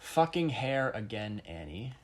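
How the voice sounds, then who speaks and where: A man's voice: lowish voice, sing-song, a little slow, slight background noise. A man co-hosting a podcast, casual chat with a dry, teasing manner, recorded over the phone. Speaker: podcast co-host. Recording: phone call audio.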